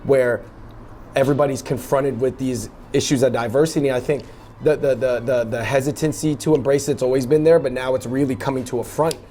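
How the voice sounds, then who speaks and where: A man's voice: medium pitch, fairly even intonation, fairly quick, mellow, slight background noise. Rambling young man chatting in a dessert shop. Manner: rambling, lots of fillers and restarts. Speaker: web video host. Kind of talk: casual interview chat.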